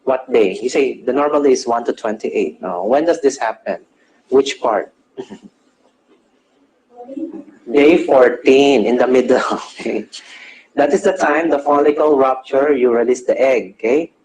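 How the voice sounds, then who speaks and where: In a classroom lecture, a male nursing teacher speaks at normal speed in a mid-range, darkish voice, asking students questions, answering them himself and explaining English terms. Nearly every phrase ends with a check-in "okay?", and the poor recording has a little hiss or hum.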